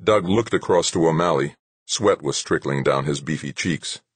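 Very deep husky male narrator. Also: moderate pace, no echo. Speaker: audiobook narrator. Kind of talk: scripted narration.

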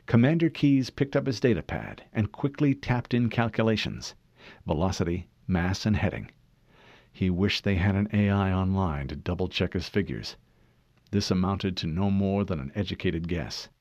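A man reading a novel aloud in measured, expressive scripted narration. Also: low-pitched, no room sound, dull audio. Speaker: audiobook narrator.

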